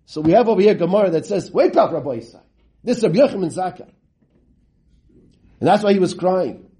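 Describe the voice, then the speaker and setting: Man, Talmud teacher, mellow tone, rhetorical questions, dramatic pitch swings. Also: fast. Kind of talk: Talmud lesson, reading and translating.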